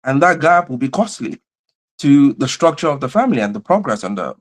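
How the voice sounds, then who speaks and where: Energetic man hosting a livestream. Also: medium pitch, brisk. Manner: energetic, repeats phrases, greets viewers by name. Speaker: host and convener of a livestream. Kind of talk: livestream opening chat.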